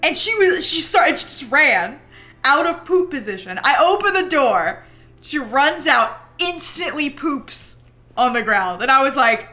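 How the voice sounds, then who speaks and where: A young woman chats away while she streams a game, rambling with plenty of "like" and laughing easily as she tells stories. Her voice sits a little high and sounds bright and forward. Her pitch swings widely from word to word. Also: a little slow, soft background music. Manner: chatty and rambling, heavy use of "like"; animated storyteller who breaks into laughter. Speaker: livestreamer. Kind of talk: casual chat while gaming.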